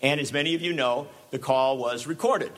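A man giving a public talk with sarcastic, animated delivery and frequent asides. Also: mid-range voice, moderate pace. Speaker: speaker.

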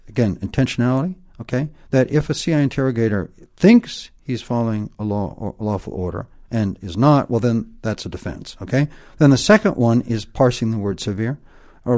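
A man's voice: medium pitch, a little mellow. A man explaining points emphatically in an interview, lecturing and often tagging points with "okay?". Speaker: guest expert.

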